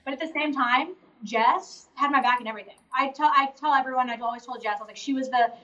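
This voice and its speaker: A woman chatting casually as an interview guest, quick and full of "like" fillers. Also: high-pitched, sharp tone. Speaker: interview guest, reality show contestant. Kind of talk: casual live Q&A chat. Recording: distant, dull remote call audio.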